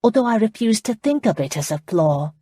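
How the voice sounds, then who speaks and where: A woman's voice: medium pitch, animated, a little fast, warm tone, breathy edge, no echo, voice pushed up. A woman narrator voicing a blunt, outspoken young Scottish woman with a Scottish accent, speaking politely but frankly.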